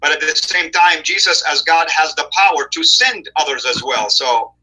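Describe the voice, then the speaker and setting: Bright, husky man arguing a point. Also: a little high, moderate pace, poor audio. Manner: assertive, emphatic. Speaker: guest. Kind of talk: apologetics debate talk.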